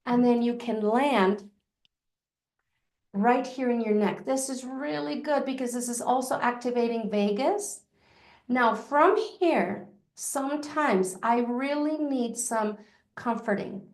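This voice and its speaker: A woman guest teaching an energy technique, talking listeners through it step by step in a calm, reassuring way, often dropping to a soft murmur. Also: on the high side. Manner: soothing, reassuring, slows to a soft murmur when guiding. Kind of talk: instructional demonstration. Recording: echoey room.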